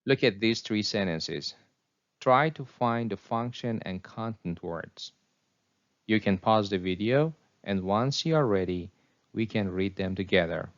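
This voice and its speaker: A man narrating a scripted English pronunciation lesson, reading example sentences slowly and deliberately. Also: fairly low pitch, animated, lo-fi sound.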